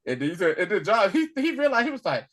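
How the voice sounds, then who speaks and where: Animated man retelling a TV episode. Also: fast. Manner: animated storytelling with slangy retellings of scenes and frequent laughs; drops to a low murmur when quoting, jumps high and loud when excited. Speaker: podcast co-host recapping a TV episode. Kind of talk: casual chat.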